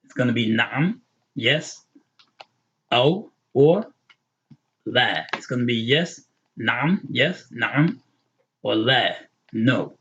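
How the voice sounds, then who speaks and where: A man teaching an online Arabic grammar lesson, explaining patiently and repeating terms with quick English glosses. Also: medium pitch, expressive, fairly bright tone, dull audio, slight background noise.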